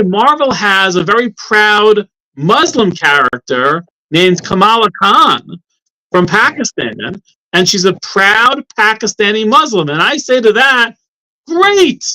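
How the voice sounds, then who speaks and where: A man's voice: high-pitched, bright, forceful tone, low-quality recording. A man guesting on a talk show as a law professor, speaking in an indignant, impassioned way. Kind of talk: heated talk-show discussion.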